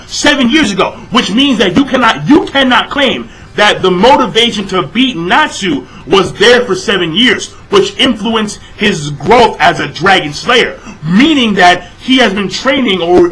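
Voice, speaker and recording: Ranting young man with bright voice. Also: high-pitched, low-quality recording. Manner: exasperated, profane, repeats phrases, shouts in bursts. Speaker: manga reviewer. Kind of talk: ranting manga review vlog.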